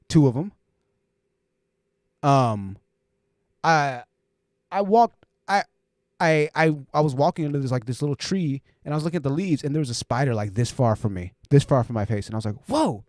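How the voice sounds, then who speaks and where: A man's voice: fairly high pitch, darkish tone, no room sound, studio quality. A man hosting a casual live stream, joking and rambling and laughing often.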